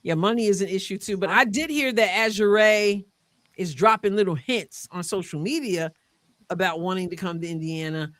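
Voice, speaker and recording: A woman hosts a live call-in sports stream with a bright, forceful voice. The sound is dry and close, and she talks in a chatty way, repeating words while she reads comments. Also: mid-range voice, moderate pace, dry recording. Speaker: host.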